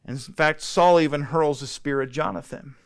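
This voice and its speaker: Smooth-voiced pastor telling a Bible story. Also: male voice, fairly high pitch, moderate pace. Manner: conversational storytelling with acted-out dialogue. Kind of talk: Bible study teaching.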